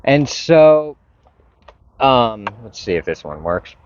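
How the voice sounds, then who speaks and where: A man's voice: medium pitch, big pitch swings, slow, slight background noise. A man vlogging, telling a frustrated, profane story and retelling his conversations with others. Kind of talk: casual storytelling rant. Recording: dull lo-fi recording.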